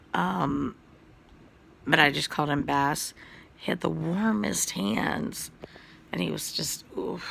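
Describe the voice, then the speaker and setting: A man sick with COVID, coughing as he tells a rambling, foul-mouthed story to the camera. His voice is heavily gravelly but bright and forceful, and he talks slowly, stumbling through plenty of ums and uhs. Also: fairly high pitch, a little hiss or hum. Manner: rambling, profane storytelling with many fillers. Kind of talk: casual personal story to camera.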